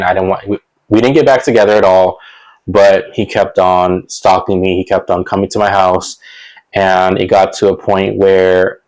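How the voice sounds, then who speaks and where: A man's voice: deep voice, darkish tone, rough recording. A young man telling a personal story in a casual monologue, rambling with lots of fillers and restarts and chuckling now and then. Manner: chuckles between sentences. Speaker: storytelling vlogger.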